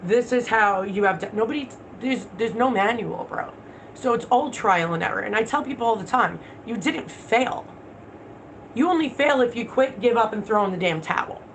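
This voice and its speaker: This livestream host has a slightly high voice with lively intonation and speaks at normal speed, though the recording is rough with slight background noise. She keeps things casual, blunt and full of swearing while responding to viewer comments.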